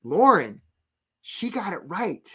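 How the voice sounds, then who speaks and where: A man coaching job seekers in a live webinar, talking fast and energetically and addressing viewers in the chat. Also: a little high, lively intonation, a bit bright. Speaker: career coach hosting a webinar.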